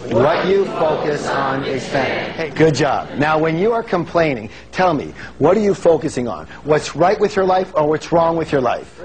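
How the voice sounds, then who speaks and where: A man giving a lively motivational seminar talk, calling on the audience to answer and acting out the voices he quotes. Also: a little high, moderate pace, a crowd in the background, low-quality recording. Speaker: seminar speaker. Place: large seminar hall with an audience.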